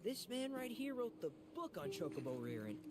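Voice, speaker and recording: A man's voice: sits high, huge pitch swings, moderate pace. An actor playing an earnest young male ranch hand bent on revenge in a video game, with a bitter edge. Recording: game dialogue over loud music. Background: game music.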